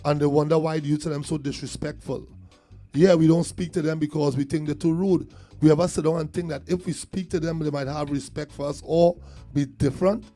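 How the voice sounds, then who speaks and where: A man's voice: fairly high pitch, a little fast, soft background music. A man with a Trinidadian accent, telling a community story in casual talk, acting out what others said. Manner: animated storyteller, acts out quotes, laughs between lines.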